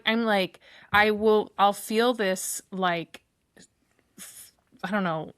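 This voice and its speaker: A woman guest on a podcast, speaking haltingly with restarts and small laughs. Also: medium pitch, fairly bright tone, no room sound, studio quality. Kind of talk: casual conversation.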